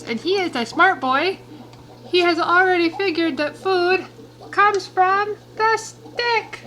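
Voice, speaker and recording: Woman, home vlog, out of breath, high bright voice, unhurried talk. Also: low-quality recording. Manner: chatty, talks baby talk to her pets. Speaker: vlogger. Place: home, indoors.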